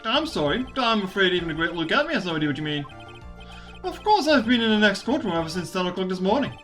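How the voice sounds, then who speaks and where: A streamer voicing a pompous, gloating male gentleman detective from a visual novel game, reading the dialogue aloud with theatrical, drawn-out greetings. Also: medium pitch, very animated, faint music behind. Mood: smug.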